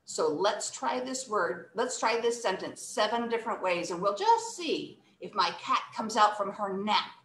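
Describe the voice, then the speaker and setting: Animated woman teacher, echoey room. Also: mid-range voice, measured pace, few pauses, slight background noise. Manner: expressive, animated, demonstrates emotions and stress. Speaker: workshop teacher. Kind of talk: online English lesson for children.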